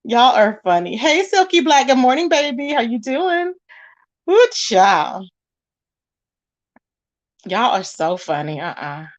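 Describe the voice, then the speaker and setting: An animated woman hosts a casual livestream, reading comments from her chat. She reacts with quick exclamations and bursts of laughter. Her voice sits a little high. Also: dull audio. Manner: animated, laughs often, calls viewers baby and child.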